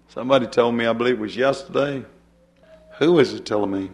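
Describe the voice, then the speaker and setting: A man's voice: mid-range voice, fast. An older man preaching a folksy sermon, chuckling and turning to the congregation with asides.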